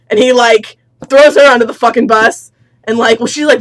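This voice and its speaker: A woman's voice: sits high, steady tone, brisk, fairly bright tone, no room sound. A young adult woman telling a story in casual, slangy, profane chatter with lots of fillers. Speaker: student storyteller. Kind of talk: casual comic retelling.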